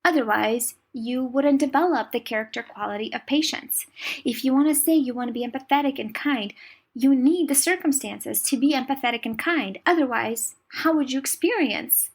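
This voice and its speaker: A young woman coaching her listeners on a podcast, speaking in a chatty, encouraging manner. Her voice sits a little higher than usual. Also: moderate pace, breathy edge. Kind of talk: podcast monologue.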